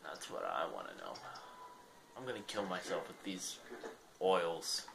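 A man's voice: deep voice, wildly swooping pitch, a little slow, gravelly, noisy background. A young man giving casual gameplay commentary, rambling and self-deprecating. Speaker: gaming channel host.

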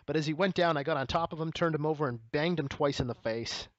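Reading from a book on a relaxed podcast he co-hosts, this man breaks in with jokey asides and laughter. His voice runs on the high side and moves quickly, pausing only rarely. The recording is dry with no room sound, dull and a bit lo-fi.

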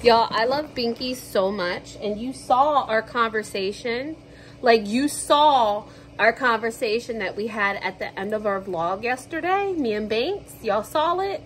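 A woman's voice: fairly high pitch, animated, a little slow, rough recording. A woman vlogger chatting casually to camera at home, telling stories in a slangy, joking way. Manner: chatty, slangy, jokey storytelling.

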